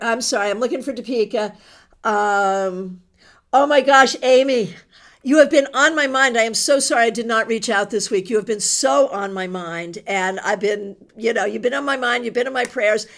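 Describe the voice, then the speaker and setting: A woman's voice: on the high side, fairly bright tone. A middle-aged woman hosting a tarot livestream, chatting with viewers and reading their comments aloud with emotion. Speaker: tarot reader host.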